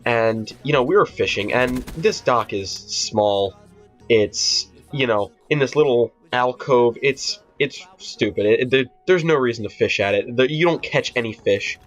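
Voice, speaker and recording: A teenage boy vlogger tells a rambling, profane storytime, packed with fillers and restarts. His mid-range voice is unhurried and a bit bright. The lo-fi audio sounds dull, with faint music in the background.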